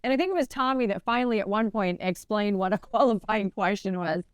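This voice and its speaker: Podcast co-host, woman, conversational storyteller, smooth clear voice, close and dry sound. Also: fairly quick, dry recording. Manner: animated retelling, voice rising high when quoting; chatty, many restarts and "like" fillers. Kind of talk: casual storytelling chat.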